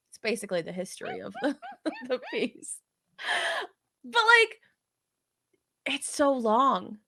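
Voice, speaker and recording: A woman co-hosting a podcast, chatting casually and acting out characters in quick voices. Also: fairly high pitch, wildly swooping pitch, pushed and bright, no room sound. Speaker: podcast co-host. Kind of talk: casual chat.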